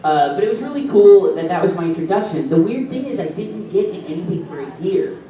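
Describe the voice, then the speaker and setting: A middle-aged man, a voice actor, telling stories at a convention panel, animated and laughing often as he acts out what people said. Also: high voice, fairly quick. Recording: echoey hall, distant mic, audible noise.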